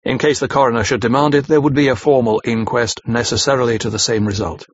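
Husky-voiced male audiobook narrator. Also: mid-range voice, steady tone, fast. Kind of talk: scripted narration of a classic novel. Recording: slightly dull lo-fi recording.

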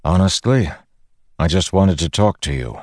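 A man voicing a steady, earnest older warlord who speaks in a calm, measured way. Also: sits low, no echo, clean studio sound.

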